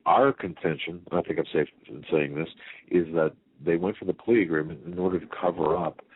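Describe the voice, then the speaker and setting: Over a tinny phone line with faint hiss, a radio show host with a deep, breathy voice talks briskly, with no room sound. He's emphatic and rambling, frequently restarting sentences and posing rhetorical questions.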